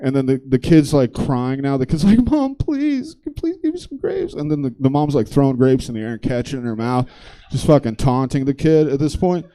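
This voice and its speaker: A man on a comedy stage tells a rambling story, loose and conversational with plenty of swearing. His voice is mellow and dark, at an ordinary middle pitch. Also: steady tone, a little fast, hardly any pauses, clean tone. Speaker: stand-up comedian. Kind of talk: stand-up storytelling.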